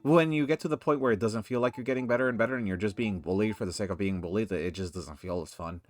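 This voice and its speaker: A man's voice: fairly low pitch, fast talker. A man giving casual gameplay commentary, rambling and ranting in exasperation. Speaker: let's play commentator.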